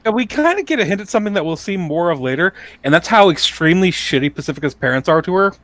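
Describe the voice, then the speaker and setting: A man's voice: sits high, expressive, quick pace, a bit bright, no room sound. A man co-hosting a podcast in casual chat, blunt and swearing freely while commenting on a cartoon. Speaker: podcast co-host.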